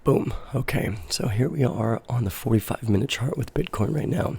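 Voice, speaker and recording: A man hosting a casual crypto trading livestream, his voice raspy from being sick, talking in a relaxed, rambling way with fillers. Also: mid-range voice, moderate pace. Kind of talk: casual livestream market analysis.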